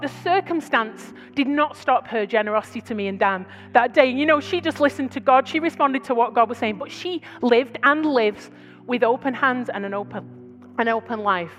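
A British woman preaching to her church, telling stories in a chatty, conversational way with quick asides. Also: high-pitched, a bit bright, long reverb tail. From Britain. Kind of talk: sermon. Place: large church hall.

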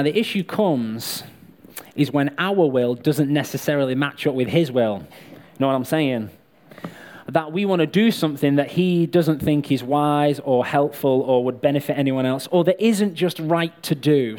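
A man's voice: on the high side, normal speed, a little mellow. A man preaching a sermon in a chatty, joking way, talking straight to the people in front of him and calling them up to help. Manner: chatty, joking, addresses the crowd directly. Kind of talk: sermon with live props and volunteers.

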